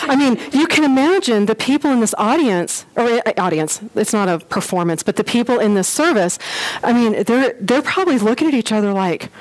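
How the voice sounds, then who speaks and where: A woman giving a casual church history class, chatty and animated, with lots of fillers and quick acted-out quotes. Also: on the high side, poor audio.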